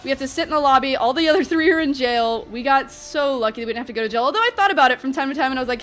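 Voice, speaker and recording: A young woman vlogger telling a story in an animated, chatty way, full of fillers. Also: sits high, rapid-fire. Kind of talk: storytime vlog.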